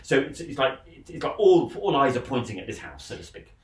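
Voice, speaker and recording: A man's voice: medium pitch, sing-song, brisk. A man hosting a film podcast, retelling a plot in a rambling way with many restarts. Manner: rambling, repeats words and restarts. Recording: roomy, distant mic with faint noise.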